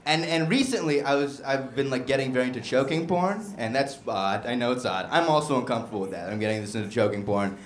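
A young man doing a stand-up set in a comedy bar, mostly flat and dry, with sudden loud mock shouts, on a handheld stage mic. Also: medium pitch, fast talker, few pauses. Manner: dark deadpan humor with bursts of loud mock shouting. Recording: echoey bar room.

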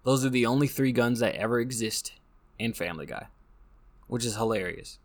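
A man's voice: mid-range voice, a little fast. An American man hosting a casual monologue, rambling and joking with frequent restarts. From United States. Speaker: podcast host.

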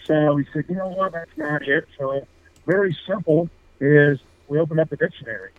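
A man's voice: a little high, moderate pace. Man on a tinny phone line. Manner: rambling, many fillers and restarts. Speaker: fishing apparel brand co-founder. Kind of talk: casual radio interview.

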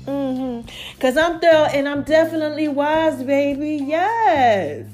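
A woman hosts her podcast in a loose, playful chat and keeps calling her listeners in. Her voice sits high. Soft music plays faintly underneath. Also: takes it slowly. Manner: lively, playful, calls listeners "baby" and "y'all". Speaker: podcast host. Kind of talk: casual chat.

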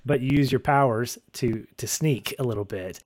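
A man co-hosting a casual podcast, recapping a TV episode with a chatty, amused delivery. His voice sits in a middle pitch and often breaks into laughter. The recording is dry and close. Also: normal speed, a little mellow, dry recording. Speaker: podcast co-host.

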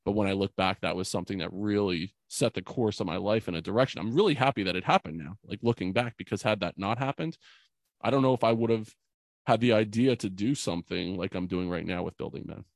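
A man's voice: fairly low pitch, quick pace, dry recording, studio quality. A man in his forties, a podcast guest, telling a personal story in an earnest, emotional way, full of fillers. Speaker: podcast guest, youth mentor.

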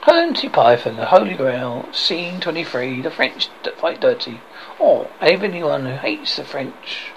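A man's voice: on the high side, big pitch swings, measured pace, a little hiss or hum, poor audio. Man reading a film script aloud. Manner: reads stage directions and names aloud. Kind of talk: casual script read-through.

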